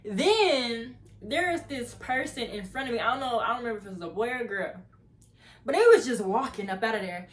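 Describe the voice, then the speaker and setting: A young woman vlogger recounts a tense night in an animated, casual way. Her voice sits a bit high, and she slips into the voices of the people she describes. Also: fairly quick. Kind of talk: casual storytelling.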